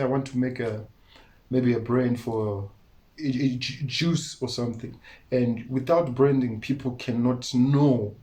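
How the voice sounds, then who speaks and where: A man's voice: medium pitch, darkish tone. A man from Malawi with a Malawian accent, talking earnestly as an interview guest and often breaking into laughter. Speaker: musician guest. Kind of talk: casual interview talk.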